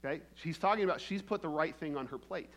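A man's voice: fairly high pitch, quick pace. A man preaching a sermon in a conversational way, often checking in with the congregation and acting out the quoted lines. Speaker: pastor.

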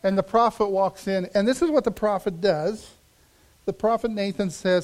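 A man preaching a sermon as pastor, dramatic in delivery, dropping to a hush for emphasis and rising again. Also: sits high, steady tone, moderate pace. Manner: dramatic, drops to a hush for emphasis then rises.

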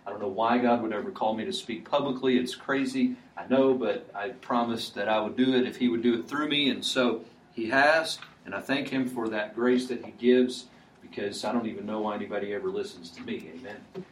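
A man's voice: fairly low pitch, fairly quick. A man preaching a sermon in a conversational way, often restarting his sentences with filler words. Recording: echoey room, mic at a distance.

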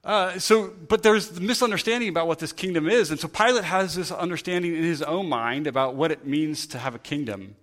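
A man's voice: a little high, a little fast, few pauses, a bit bright. A man preaching a sermon in a conversational way, thinking aloud and often restarting his sentences. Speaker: pastor.

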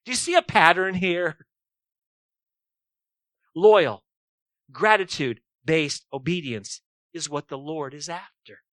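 A man's voice: on the high side, slow, long pauses, a bit bright, dry recording. A man preaching a sermon emphatically, often posing rhetorical questions to his listeners.

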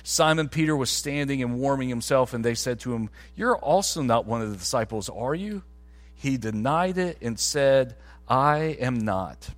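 A man's voice: mid-range voice, expressive, normal speed, soft background music. A man, a pastor, preaching a sermon in a conversational way that climbs to emphatic peaks.

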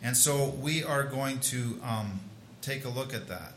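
A man's voice: medium pitch, unhurried, fairly bright tone, roomy sound, a little hiss or hum. A man preaching a sermon in a conversational way, with restarts and asides. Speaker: pastor.

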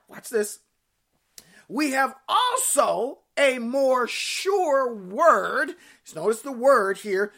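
A woman preaching a sermon with emphatic call-and-response, repeating key phrases and breaking into sudden shouts. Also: fairly high pitch, lively intonation, very slow.

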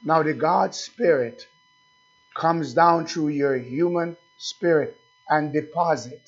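Slow, husky preaching pastor. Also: male voice, on the high side, muffled recording. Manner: slow, repetitive preaching with questions to the congregation. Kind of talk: sermon.

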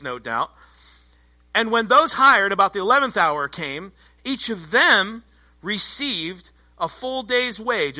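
A man preaching a sermon as pastor, animated and conversational, joking with the congregation. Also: high voice.

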